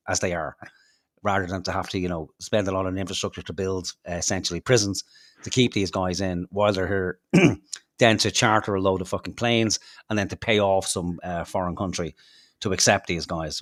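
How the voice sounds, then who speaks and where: On his podcast, a low-pitched Irishman co-hosting the show rants casually about politics, angry, profane, and full of sarcastic mockery. His tone is fairly bright, and the close, dry recording carries almost no room sound.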